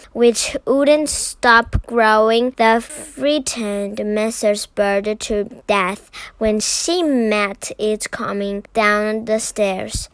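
A woman reading a children's storybook aloud in a careful, unhurried manner. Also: a little high, fairly bright tone, no echo. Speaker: reader.

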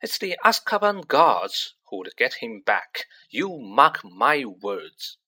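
A man's voice: medium pitch, sing-song, slow, pushed and bright, breathy edge, exaggerated voice. A man voicing a grave, strained middle-aged wizard father in a storybook reading. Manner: grave, firm.

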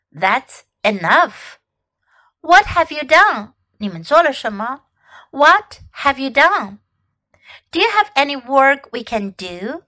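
A woman's voice: fairly high pitch, a bit bright. A woman teaching English phrases, saying each one carefully and repeating it for learners. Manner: clear, careful repetition for learners. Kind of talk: language lesson, repeating phrases.

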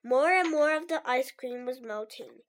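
A woman with a high voice, whose first language is Mandarin Chinese, hosts a children's story podcast. Speaking at a normal speed, she reads a story aloud in a sweet, upbeat, teacherly tone.

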